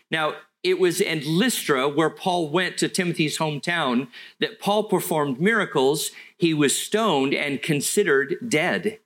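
A middle-aged man, preaching a sermon in an earnest storytelling way that slows for emphasis. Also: a little high, a bit bright. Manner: earnest, storytelling, with slow deliberate stretches. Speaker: pastor.

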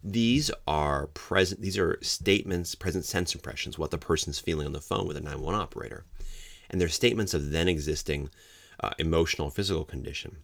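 A middle-aged man teaches police officers about hearsay in a lecture. His voice sits extremely low and has a gravelly fry. He explains patiently and breaks into loud, acted-out quotes, recorded dry and close. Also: a little fast, dry recording. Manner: explanatory, acts out quoted examples with sudden loud outbursts. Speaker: legal trainer for law enforcement.

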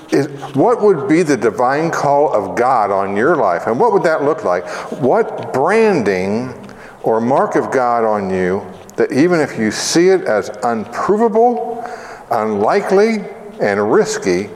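A male pastor gives an evening sermon in a relaxed, conversational way, often turning questions back to his listeners. His pitch moves freely, and the voice carries with a long reverb through a big echoey hall. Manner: conversational, reflective, asks the audience questions.

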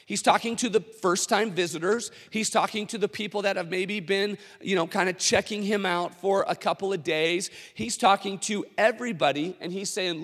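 A man preaching a sermon as a pastor, telling stories in a conversational, animated way with many fillers. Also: high voice, moderate pace, few pauses, long reverb tail.

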